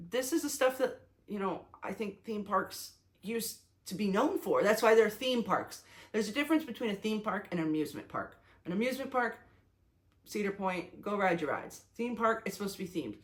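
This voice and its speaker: A young woman vlogger in a casual talking-head video, talking excitedly and chattily with lots of fillers and restarts. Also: medium pitch, normal speed.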